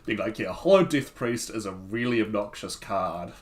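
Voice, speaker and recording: Low-voiced man commenting on gameplay. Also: moderate pace. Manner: thinking aloud, answering chat between plays. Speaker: streamer.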